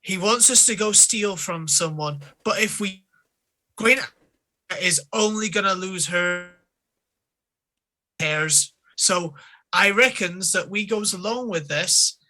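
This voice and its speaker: Man voicing a prim hobbitess, tart scolding, high, piercing bright. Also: slow pace, long pauses, heavily acted. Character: prim, bossy female hobbit cousin.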